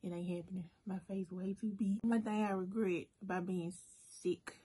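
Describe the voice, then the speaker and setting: Husky-voiced woman telling a story. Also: medium pitch, normal speed. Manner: chatty, animated storytelling, addresses viewers as y'all. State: emotional at moments, briefly choked up. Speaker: food vlogger. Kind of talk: casual storytime while eating.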